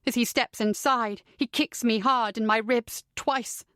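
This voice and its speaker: A woman's voice: on the high side, steady tone, measured pace, a bit bright, no echo, clean studio sound. A woman narrating a first-person psychological thriller audiobook in a tense, dramatic way.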